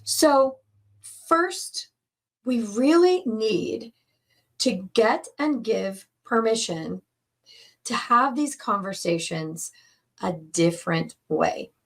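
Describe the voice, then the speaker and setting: A woman coach giving an earnest teaching talk on relationships, speaking in slow, measured phrases. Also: on the high side, expressive.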